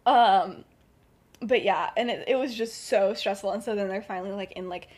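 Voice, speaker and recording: A woman's voice: medium pitch, normal speed, darkish tone. A young woman casually retelling a story on a podcast, full of fillers and acted-out lines. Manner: rambling, filler-heavy, acts out characters with laughs. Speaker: podcast co-host.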